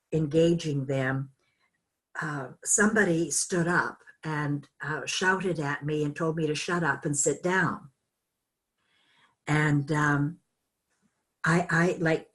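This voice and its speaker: An older woman teaching an online course, telling a personal story in a slow, halting, reflective way with many fillers. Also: deep voice. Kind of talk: personal storytelling in a group call.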